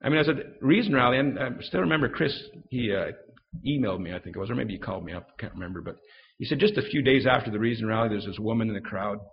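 A man giving a fast, story-driven live talk on defending the faith, acting out the voices in his anecdotes. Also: medium pitch, expressive, creaky, muffled recording. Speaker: Christian speaker.

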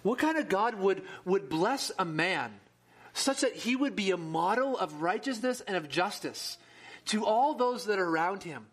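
A man preaching a sermon who reads scripture aloud with rising intensity and then explains it in a lower voice. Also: animated, normal speed, fairly bright tone.

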